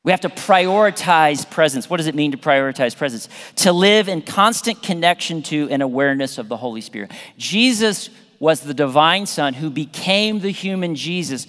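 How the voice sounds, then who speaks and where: Southern-born male pastor, raised-pitch voice, chatty preaching with repeated phrases, long church-hall reverb. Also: moderate pace, few pauses. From Southern United States. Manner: animated, conversational preaching with repeated phrases and restarts. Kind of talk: sermon. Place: church sanctuary.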